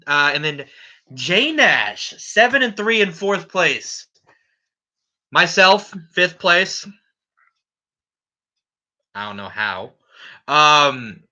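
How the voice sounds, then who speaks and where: A man's voice: a little high, bright, forceful tone, muffled recording. Brash, profane fantasy league commissioner man. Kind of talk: casual solo podcast recap.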